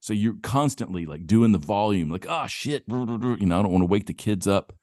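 A man's voice: lowish voice, fairly quick, mellow, dry recording, studio quality. A man co-hosting a podcast, chatting casually and rambling with lots of "you know" fillers. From Southern California. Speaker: podcast co-host. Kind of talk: casual chat.

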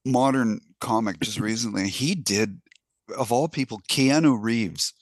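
A man's voice: medium pitch, unhurried, no echo. A man co-hosting a podcast in casual chat, hesitant and self-doubting, restarting his sentences often. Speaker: podcast co-host.

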